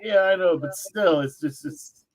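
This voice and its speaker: A man on a casual sports podcast panel, halting and restarting his questions. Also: sits high.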